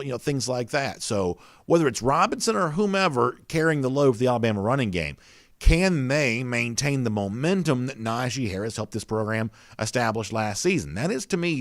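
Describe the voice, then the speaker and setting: A man's voice: mid-range voice, no echo, studio quality. A man hosting a casual sports talk show, chatting loosely with plenty of "you know" fillers and reading out viewer comments.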